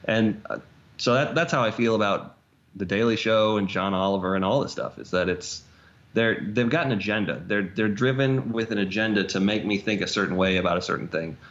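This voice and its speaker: A man co-hosting a podcast, talking casually with halting restarts and fillers. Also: lowish voice, fairly bright tone. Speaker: podcast co-host. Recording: dull lo-fi sound.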